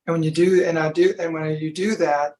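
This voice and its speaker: A man guest in a relaxed interview, talking about breath work in a laid-back, storytelling way. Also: fairly high pitch, fairly quick, a little hiss or hum, rough recording. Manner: laid-back, storytelling, says "you know" often. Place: from Sacramento.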